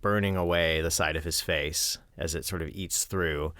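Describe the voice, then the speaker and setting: A man with a very deep voice narrates a tabletop scene, vivid but halting. The sound is close and dry. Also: steady tone, a bit bright, dry recording. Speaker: game player.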